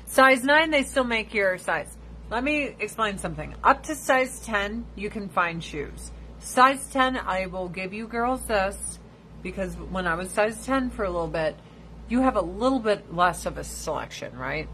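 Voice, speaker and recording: A woman chats casually on a livestream in a middle-pitched voice, blunt and foul-mouthed as she tells stories. When she quotes other people, she jumps into a high squeal. A faint hiss of noise sits behind her. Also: lively intonation, a little slow, a bit bright, low-quality recording. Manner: profane, blunt storytelling. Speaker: livestream host.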